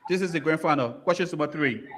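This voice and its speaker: Liberian quizmaster man, slightly high. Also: a bit bright. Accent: Liberian English. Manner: brisk, repeats commands and urges contestants on. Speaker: quiz bowl moderator. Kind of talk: reading quiz questions.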